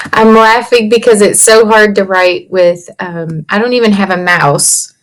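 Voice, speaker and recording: A woman teaching young children a writing lesson from her computer, slowly and patiently sounding out letters and words. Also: medium pitch. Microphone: computer mic.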